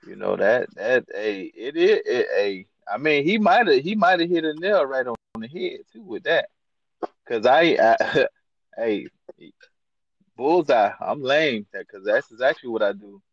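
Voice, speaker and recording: A man's voice: mid-range voice, expressive, a little slow, dry recording. A man chatting casually on a podcast, laid-back and joking about himself, with a slightly dull lo-fi sound. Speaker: podcast co-host or guest.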